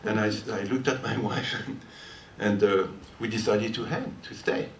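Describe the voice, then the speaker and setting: Between songs at his concert, an older French guitarist with a French accent chats his way through a long, wandering story, frequently laughing. His fairly low voice keeps a steady tone at normal speed amid crowd noise. The listening-hall audio is roomy, far-off, and carries faint noise.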